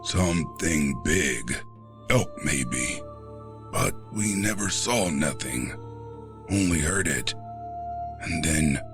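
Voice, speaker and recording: A man voicing a gruff old grandfather, weary and haunted, with a very deep, rough drawl, hesitant and stumbling with fillers. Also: heavily acted.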